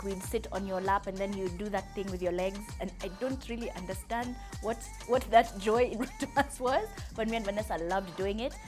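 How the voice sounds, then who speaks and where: A young woman, fondly addressing her father in a chatty, giggly, emotional way. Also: medium pitch. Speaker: vlogger. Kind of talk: heartfelt personal address.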